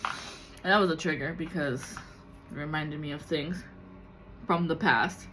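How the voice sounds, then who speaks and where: Forceful, bright-voiced woman speaking candidly. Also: low voice, a little slow, a little hiss or hum. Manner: raw and confessional, swears freely, acts out other people's voices. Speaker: tarot reader and spiritual content creator. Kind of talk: candid emotional personal vlog.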